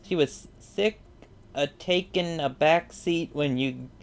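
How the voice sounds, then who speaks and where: A man's voice: on the high side, slow, pitched above the performer's own voice. A man reading out the lines of a cocky young male biker duelist, without any real accent. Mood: taunting. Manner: reading game dialogue aloud, slightly raised.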